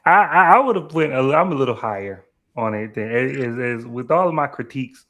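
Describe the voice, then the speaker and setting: A man's voice: medium pitch, animated, brisk, a bit bright. A man on a live panel, giving his opinions hesitantly and often restarting his sentences. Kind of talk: casual live panel discussion.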